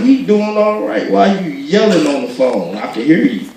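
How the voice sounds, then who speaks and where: A man doing stand-up storytelling, animated and acting out voices as he laughs through his jokes. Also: high-pitched, normal speed, gravelly, very noisy. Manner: animated, acts out voices, laughs while telling. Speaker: stand-up comedian. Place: gospel comedy show venue. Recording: echoey hall from far off.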